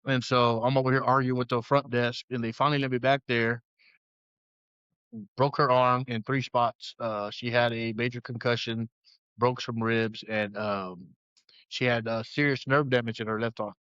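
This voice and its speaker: A man's voice: medium pitch, steady tone, moderate pace, a bit bright, clean tone, no echo, lo-fi sound. A man as a podcast guest, earnestly telling a personal story in a rambling way full of restarts.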